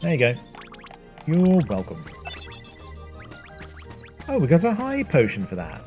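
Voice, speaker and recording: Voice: mid-range voice, wildly swooping pitch, unhurried, a little mellow, faint music behind. A young adult host giving rambling, casual commentary while playing a game. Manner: rambling, self-deprecating, laughs often. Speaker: let's play host.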